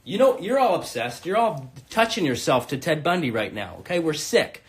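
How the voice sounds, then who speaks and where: A man in his thirties hosts a comedy live stream from his room, speaking in a high, bright voice. He is brash and crude, rambling between loud bursts and low mutters. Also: big pitch swings, moderate pace. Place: home room.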